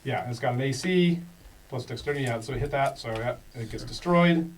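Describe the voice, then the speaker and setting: A man running a tabletop game for beginners, narrating in an animated way with laughs and quick restarts. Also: mid-range voice, slight background noise. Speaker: game master. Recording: voice slightly far from the mic.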